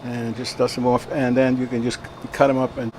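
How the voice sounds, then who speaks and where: A man's voice: medium pitch, little pitch movement, a little fast, darkish tone, slight background noise. A man hosting a casual home cooking demonstration in a kitchen, talking in a rambling way and checking in with "all right?" as he goes. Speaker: home cooking show host. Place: kitchen at a veterans' hall.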